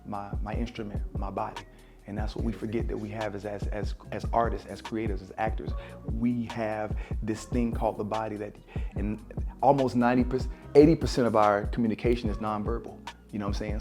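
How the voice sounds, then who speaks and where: Gravelly-voiced man reflecting over music. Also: lowish voice. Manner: reflective and spiritual, casual with many fillers. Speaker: actor and former teacher. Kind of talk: sit-down interview, talking to camera. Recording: music playing underneath.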